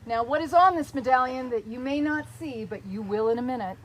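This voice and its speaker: A middle-aged woman giving a formal, heartfelt ceremonial speech at a medieval-style court, speaking with deliberate pauses. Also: sits high, a little hiss or hum, poor audio. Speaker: court speaker presenting a medallion.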